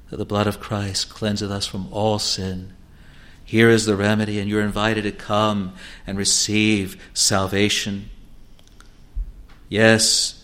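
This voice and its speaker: A man's voice: on the low side, a bit bright. A male preacher delivering an evangelistic sermon with earnest, pleading appeals.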